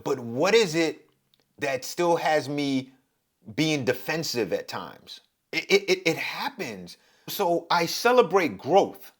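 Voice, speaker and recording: A middle-aged man from Brooklyn with a New York accent, talking in a reflective, passionate monologue and getting louder as he drives his point home. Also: big pitch swings, slow. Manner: passionate, rises in pitch and loudness when making a point. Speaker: podcast host.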